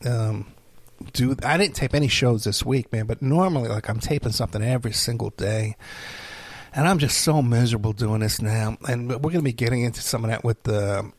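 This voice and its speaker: A man's voice: mid-range voice, no room sound. A middle-aged man hosting his own show, talking in a casual rambling monologue on a close mic and chuckling between stories. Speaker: podcast host.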